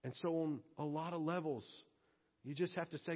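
At a moderate pace, a pastor with a fairly high, somewhat breathy voice jokes and chats his way through a sermon to the congregation. The sound has the echo of a church sanctuary and is a bit muffled.

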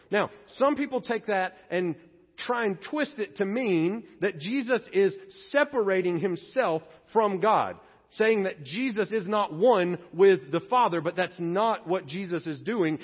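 A man's voice: high voice, expressive, a little slow, breathy edge. A pastor preaching a sermon, earnest and emphatic, who often acts out the people he quotes. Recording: long reverb, dull lo-fi sound.

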